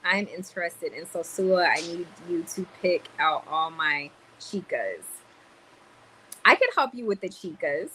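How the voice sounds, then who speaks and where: A woman's voice: lowish voice, a little slow, slight background noise, poor audio. A woman hosting a casual livestream, reading viewer comments aloud and tossing in Spanish words as she talks. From Cuban roots. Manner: animated, mixes Spanish words into talk. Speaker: livestream host. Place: in a store in the Dominican Republic.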